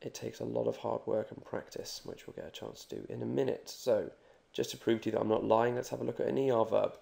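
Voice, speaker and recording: A man teaching Spanish grammar in a video lesson, joking and reassuring as he repeats examples slowly. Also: mid-range voice, fairly even intonation, creaky, warm tone.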